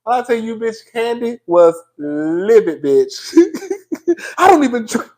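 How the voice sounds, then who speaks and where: A young man hosting casual gossip commentary, animated and profane, laughing often. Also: extremely high pitch, slow pace.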